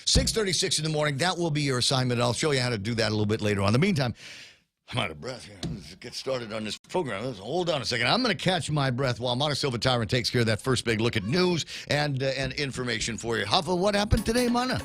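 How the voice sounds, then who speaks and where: A man's voice: mid-range voice, expressive, very fast, few pauses, fairly bright tone. A man hosting a morning radio show, chatting casually and joking, with lots of fillers and restarts.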